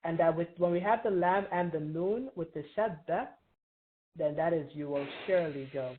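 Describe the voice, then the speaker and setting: Low-voiced woman teaching over tinny line. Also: normal speed, slight background noise. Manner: patient, quizzes students, frequent "right?" checks. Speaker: Arabic teacher. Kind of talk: classroom review lesson. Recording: tinny phone-like online call.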